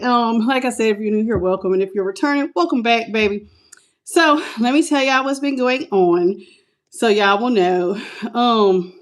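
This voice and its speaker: Middle-aged woman, tarot live-stream host, breathless, casual and affectionate, a bit high-pitched. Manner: chatty, affectionate, calls viewers "baby" and "y'all".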